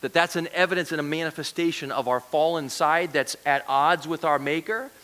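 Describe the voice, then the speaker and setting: Man, guest preacher, conversational sermon, bright tone, fairly high voice. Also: fairly quick. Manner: conversational, asks the congregation questions. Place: church.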